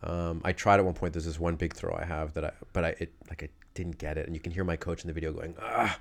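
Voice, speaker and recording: A man casually recounting his fighting days in a loose, animated way, full of fillers. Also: sits low, fast talker, vocal fry. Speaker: guest telling fight stories. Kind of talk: casual conversational storytelling.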